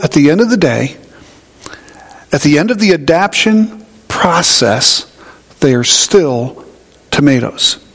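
High-voiced man preaching in a reverberant hall. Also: fairly bright tone. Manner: conversational, folksy, with homey stories. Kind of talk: sermon teaching.

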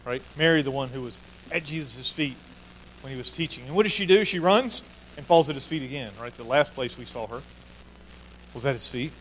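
A man's voice: mid-range voice, animated, a little fast, slight background noise, low-quality recording. A man preaching a sermon in an earnest way, often repeating key phrases for emphasis. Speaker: pastor.

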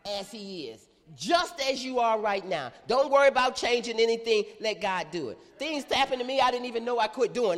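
A middle-aged woman preaches a call-and-response sermon, her voice fairly high and swooping all over. It rings out with a long reverb through a church hall. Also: expressive, fairly quick, few pauses.

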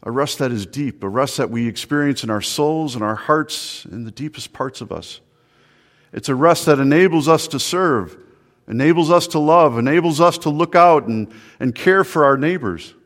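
A man's voice: a little high, normal speed, fairly bright tone. A male pastor preaching an earnest sermon, often repeating words and asking the listeners questions. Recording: long hall reverb.

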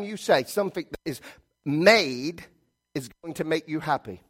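A middle-aged pastor preaches with a slightly raised voice, hammering points through repetition. He swings from loud, stressed lines to quiet, low asides as he addresses his congregation. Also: animated, unhurried, husky. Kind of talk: sermon.

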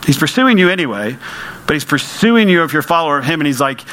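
A man's voice: fairly high pitch, sing-song, fast, fairly bright tone, poor audio. A man preaching a sermon to his congregation in a conversational way, with rhetorical questions and emphatic repetition. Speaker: pastor.

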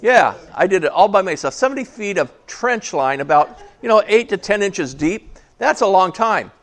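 A man's voice: sits high, lively intonation, moderate pace, a bit bright. A man preaching a casual sermon to a small church, chatty and joking, asking the congregation questions. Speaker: pastor.

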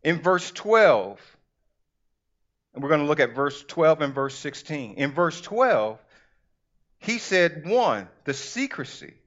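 A middle-aged man preaching in a fairly high voice, emphatic and drawn out when he stresses a point. He calls out to the congregation as he reads and explains scripture. The recording is dull and lo-fi. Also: very animated, fairly bright tone. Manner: slows down to stress words when reading. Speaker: pastor. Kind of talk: sermon with scripture reading.

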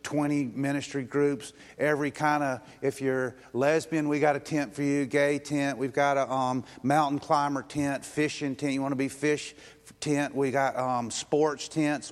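A man preaching a sermon as pastor, earnest and direct, building to urgent appeals and then softening into a gentle invitation. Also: a little high, big-room sound. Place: church sanctuary.

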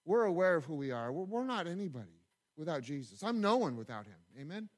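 Male pastor, mid-high voice, chatty storytelling sermon delivery. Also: sing-song, quick pace. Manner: conversational, storytelling with asides and repetitions.

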